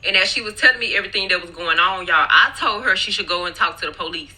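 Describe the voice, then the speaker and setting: This poor-quality clip has a young woman talking fast in a fairly low, bright, forceful voice with a slight roughness. She's on break at work, telling her phone a rambling, foul-mouthed story and repeatedly addressing y'all. It's a casual storytime chat.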